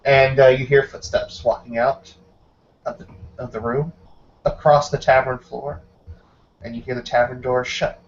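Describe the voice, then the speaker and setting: A man's voice: mid-range voice, little pitch movement, normal speed, pauses often, lo-fi sound, a little hiss or hum. A man narrating a tabletop game as game master, describing scenes loosely with many hedges.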